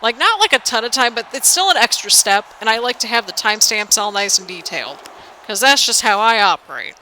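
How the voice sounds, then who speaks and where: Young woman gaming host, bright and slightly high voice, chatty and sing-songy, a bit tired. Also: animated, fairly quick, slight background noise, rough recording. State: a little tired. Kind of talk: casual game commentary.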